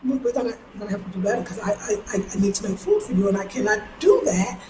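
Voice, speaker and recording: A woman from New York, chatting casually in a vlog, slangy and animated, breaking into high mimicking voices. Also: racing. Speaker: vlogger. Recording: echoey space with faint ambient noise.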